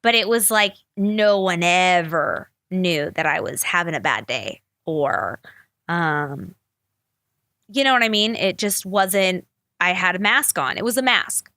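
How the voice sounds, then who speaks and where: A woman's voice: on the low side, animated, a little slow, pushed and bright, no room sound. A young adult woman hosting a podcast, talking candidly in a rambling, profane, emotional way. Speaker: podcast host. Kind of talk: candid solo podcast talk.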